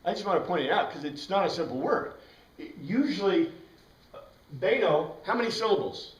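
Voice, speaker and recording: A man's voice: sits high, animated, a little fast. Chatty man teaching in an echoey classroom. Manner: chatty, rambling, spells out words letter by letter. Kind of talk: informal classroom lecture. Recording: roomy classroom heard from a distance.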